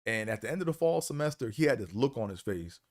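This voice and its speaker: Very animated and fast-talking, a man with a mid-range, darkish voice hosts a live stream and tells college stories in a laid-back manner, filled with "man" and "you know."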